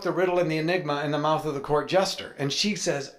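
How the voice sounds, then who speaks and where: A man's voice: a little high, steady tone, fairly quick, few pauses, a bit bright. A man, a guest author at a writers' event, telling a personal story to a live audience in a conversational way, acting out the dialogue. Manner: conversational, acts out dialogue in his stories.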